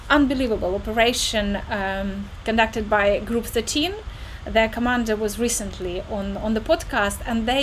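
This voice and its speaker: A woman's voice: fairly high pitch, slight background noise, rough recording. A woman hosting a podcast in English, her second language after Ukrainian, searching for words with many fillers. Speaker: podcast host, interviewer. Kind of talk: casual interview.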